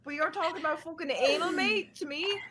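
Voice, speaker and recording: Irish woman in her twenties, casual panel chat, lively and crude storyteller, slightly high voice. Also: brisk, a loud crowd. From Ireland. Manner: animated, profane storytelling.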